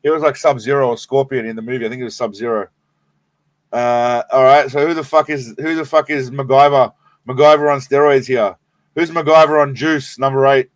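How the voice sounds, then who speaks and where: A man's voice: mid-range voice, fairly even intonation, a little fast, no echo. An Australian man hosting a live stream, rambling and swearing in a laid-back way while stoned. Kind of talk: casual live stream chat.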